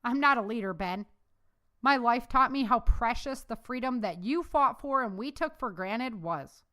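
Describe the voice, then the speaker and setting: A woman's voice: fairly high pitch, animated, moderate pace, pushed and bright, voice pushed up. A woman voicing an earnest, heartfelt young woman who survived a disaster.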